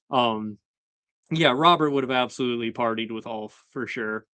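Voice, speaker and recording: Guy recapping a tv episode, relaxed and chuckly, lots of ums, dry close sound. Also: mid-range voice, unhurried, long pauses, clear, resonant tone, no room sound. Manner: relaxed, filler-heavy, chuckling asides. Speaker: show host. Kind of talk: casual episode recap chat.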